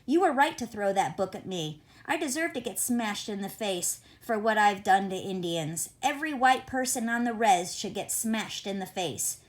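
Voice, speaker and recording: A woman's voice: mid-range voice, lively intonation, normal speed, hardly any pauses, lightly acted. A woman reading the lines of an earnest adult male schoolteacher in an audiobook, with an urgent, pleading manner. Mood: furious.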